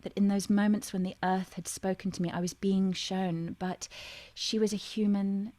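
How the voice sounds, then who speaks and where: A woman guest on a radio interview show, telling a personal story in a reflective, searching way, with many pauses and restarts. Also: medium pitch, little pitch movement, dark tone, no echo.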